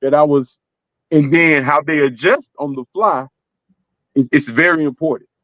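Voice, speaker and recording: A man's voice: fairly high pitch, moderate pace, a bit bright, no echo, low-quality recording. A middle-aged man with a Southern US accent, giving earnest, streetwise advice in casual podcast talk. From American South. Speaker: podcast co-host.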